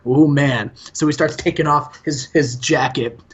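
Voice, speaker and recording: Man excitedly recapping a wrestling game. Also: on the high side, measured pace, slightly rough, highs cut off. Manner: excited storytelling with laughs. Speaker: host. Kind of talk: casual play-by-play of a wrestling sim game.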